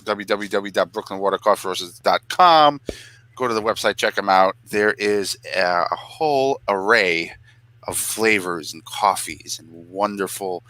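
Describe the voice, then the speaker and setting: A man's voice: normal speed, pushed and bright, rough recording. A man co-hosting a casual talk show, joking through a sponsor read in a playful, mock-emotional manner. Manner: jokey, mock-emotional, voice jumping high when clowning. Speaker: podcast co-host reading a sponsor ad.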